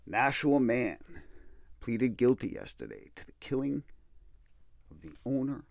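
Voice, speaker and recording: A man hosting a podcast, telling a personal story in a candid, animated way and acting out what others said. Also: medium pitch, unhurried, creaky, no room sound, studio quality. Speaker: podcast host. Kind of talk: storytelling monologue.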